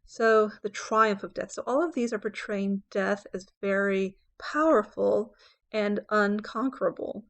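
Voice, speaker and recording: A woman English professor giving a lecture on poetry, explaining terms clearly and reading verse lines slowly and dramatically. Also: mid-range voice, steady tone, fairly bright tone. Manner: checks in with "okay?" and "right?".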